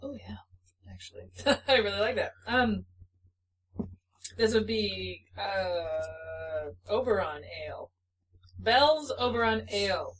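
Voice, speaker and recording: A woman's voice: mid-range voice, animated, slow, low-quality recording. Woman in playful podcast banter. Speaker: podcast co-host. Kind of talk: casual chat.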